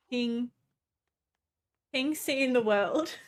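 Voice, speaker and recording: A young adult woman streamer giving casual, excitable gameplay commentary, chatty and swearing often. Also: high voice, measured pace, long pauses.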